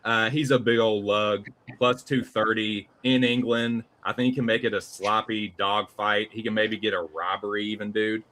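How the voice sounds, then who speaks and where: A man with a low, bright and forceful voice, talking bets on a sports podcast. He is loose and profane, in casual chat. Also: fairly even intonation, moderate pace, a little hiss or hum. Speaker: podcast co-host and betting analyst. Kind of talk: casual betting talk.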